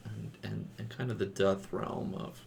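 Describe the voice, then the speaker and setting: A man co-hosting a casual chat, telling stories in an animated way and laughing often. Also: fairly low pitch, unhurried, gravelly, faint music behind. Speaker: podcast co-host.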